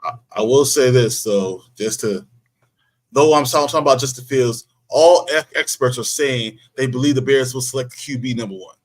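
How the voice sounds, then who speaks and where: A man's voice: medium pitch, normal speed. A man hosting a casual sports podcast, relaying betting odds and news reports to his co-hosts. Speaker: podcast host.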